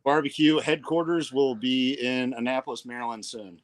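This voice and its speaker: A man's voice: medium pitch, fairly even intonation, moderate pace. A man joining a podcast as a guest over a video call, talking in a laid-back, friendly way. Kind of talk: casual chat.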